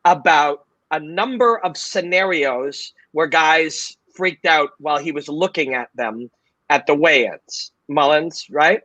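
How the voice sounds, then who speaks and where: Profane, storytelling host. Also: male voice, a little high, slow pace, no echo, muffled recording. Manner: animated, profane, tells stories with acted-out quotes. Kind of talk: casual storytelling. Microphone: video call.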